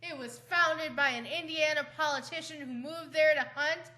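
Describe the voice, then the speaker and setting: A woman's voice: high-pitched, normal speed, bright, forceful tone. A woman co-hosting a home vlog, giving short, plain factual answers. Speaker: co-host reading facts. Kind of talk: casual chat.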